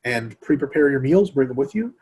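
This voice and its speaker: A fast, animated man talks fitness in casual podcast chat, his pitch swinging widely as he mimics other people. His voice has a husky edge, and he swears freely. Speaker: podcast host.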